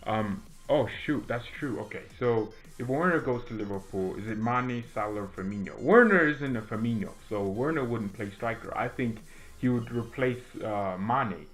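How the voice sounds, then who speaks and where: A man's voice: medium pitch, animated, moderate pace, a bit bright. A teenage boy from the United States chatting casually while he plays a video game, rambling with lots of restarts and fillers. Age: teens. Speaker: gaming streamer and fan commentator.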